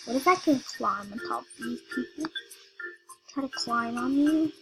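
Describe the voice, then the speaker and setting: A woman giving excitable, casual commentary on a video game she is playing, talking straight to her viewers and often repeating herself. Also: sits high, normal speed, poor audio. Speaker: gaming video creator. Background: music.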